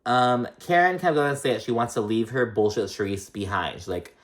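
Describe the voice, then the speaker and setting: A man rattles through a reality TV recap in a loose, offhand way. He talks at a middling pitch, and his speech is full of "like," "um" and casual profanity. He sometimes bends his voice to act out what the cast members said. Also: quick pace. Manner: loose, profane, chatty with many "like"s and "um"s; acts out quoted lines in shifting voices.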